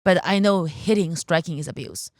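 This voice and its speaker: A woman's voice: fairly low pitch, moderate pace, no room sound, clean studio sound. A woman in her thirties from China, with a Chinese accent, telling her life story bluntly as a comedian guest on a podcast. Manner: candid, blunt storytelling with frequent restarts.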